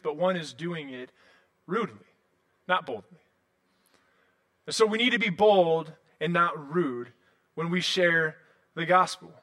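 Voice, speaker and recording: A man in his thirties preaching a sermon in a casual, animated storytelling way, full of "like" and restarts. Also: sits high. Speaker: pastor.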